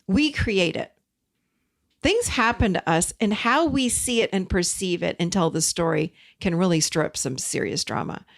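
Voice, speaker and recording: A woman's voice: on the low side, normal speed, vocal fry, few pauses. A woman hosting a self-help podcast, telling a personal story and teaching from it, talking straight to her listeners. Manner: animated, addresses listeners as "you guys". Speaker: podcast host.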